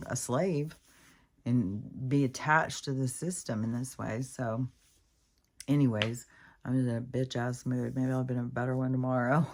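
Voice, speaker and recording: A middle-aged spiritual vlogger in the middle of a casual rant. The talk is heated and full of swearing, and it rambles with frequent fillers and restarts. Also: mid-range voice.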